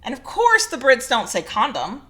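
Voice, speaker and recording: A woman's voice: fairly high pitch, huge pitch swings, moderate pace, a bit bright. A woman, co-hosting a podcast in casual, candid chat and swearing freely. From rural southern United States. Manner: chatty and candid, swearing and laughing easily. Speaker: podcast co-host.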